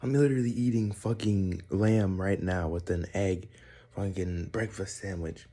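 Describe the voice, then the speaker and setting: A man's voice: low-pitched, fairly even intonation, measured pace, mellow. A young man rambling in a casual monologue to camera at home, swearing freely and restarting his sentences. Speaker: vlogger.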